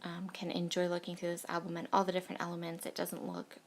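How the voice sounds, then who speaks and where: A woman in her thirties, hoarse from a cold, chatting casually and gushing over cute things while she works on a scrapbooking project. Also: lowish voice, completely flat delivery, fast talker, slight background noise. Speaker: scrapbooking crafter. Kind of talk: casual crafting tutorial chat.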